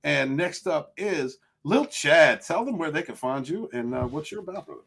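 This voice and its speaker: Um homem apresentando um podcast, animado, chamando os convidados de irmão. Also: male voice, fairly high pitch, animated, moderate pace, creaky, a bit bright, husky. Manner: upbeat, calls guests brother. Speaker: podcast host. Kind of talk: casual podcast hosting.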